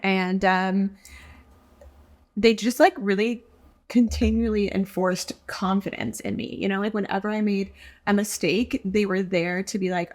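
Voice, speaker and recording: A woman's voice: medium pitch, fairly even intonation, measured pace, a little mellow. A woman guest on a casual podcast, talking earnestly and reflectively about her job, with frequent ums. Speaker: guest, front-of-house server and wine learner.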